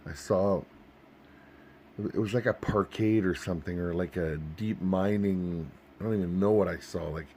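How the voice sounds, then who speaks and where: A man's voice: low voice, a little mellow, a little hiss or hum. A man earnestly recounting a vivid dream in a searching, storytelling way. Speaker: Christian video host.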